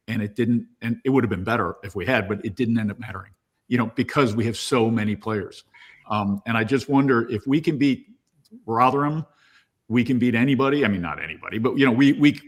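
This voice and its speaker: A man in a casual fan talk, speaking hopefully and hesitantly with many restarts. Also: fairly low pitch. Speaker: co-host.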